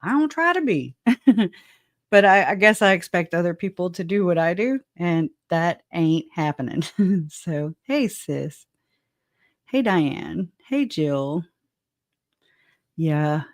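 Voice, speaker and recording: A southwest Louisiana woman keeps her true-crime livestream casual, welcoming viewers and chatting with frequent laughter and jokes. She speaks slowly and expressively in a lowish voice, pausing often, with studio-quality sound and no echo.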